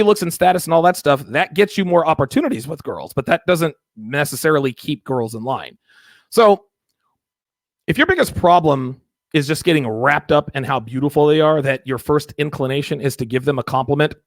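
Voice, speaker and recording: Host, male, gravelly and slightly high-pitched voice, emphatic and repetitive, dry close recording. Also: dry recording. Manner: emphatic, repetitive, acts out mock dialogues. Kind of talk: call-in dating advice show.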